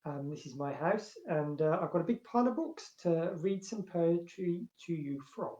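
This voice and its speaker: A male librarian chats casually from his home and reads love poetry aloud, his voice growing louder and fuller as he recites. The room rings a little around him. The recording sounds slightly muffled. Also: a little high, expressive, moderate pace. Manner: chatty, many fillers, swells louder when reciting. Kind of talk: casual chat and poetry reading. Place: at home, indoors. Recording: roomy, dull home recording.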